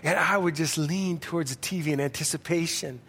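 A man's voice: fairly high pitch, brisk, a bit bright, breathy edge, in a large hall. A male pastor preaching a sermon in a loose, conversational storytelling way with frequent restarts.

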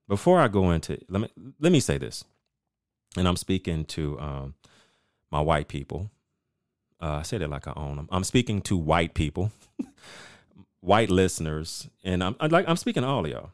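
A middle-aged man with a very low voice hosts his own podcast. He rants with animated, emphatic storytelling, swearing freely. The sound is dry and close to the mic. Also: normal speed, pauses often, dry recording. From United States. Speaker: podcast host. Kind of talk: casual rant monologue.

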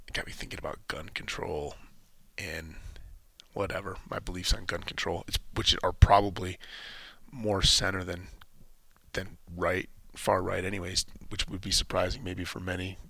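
A man with a low, gravelly voice talking through his thoughts in a loose monologue, stopping and restarting as he goes. His tone is bright and forceful, and the recording is dry and close. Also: little pitch movement, moderate pace, no room sound. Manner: rambling, thinking aloud with many restarts. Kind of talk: casual spoken monologue.

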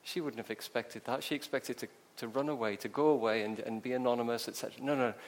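A man's voice: mid-range voice, fairly even intonation, quick pace, a little hiss or hum. A man preaching a sermon, telling the story vividly and asking rhetorical questions.

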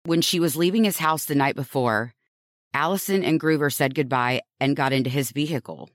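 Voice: medium pitch, fairly quick, no room sound, clean studio sound. A podcast host narrating a true-crime story, earnest and reflective, posing rhetorical questions to listeners.

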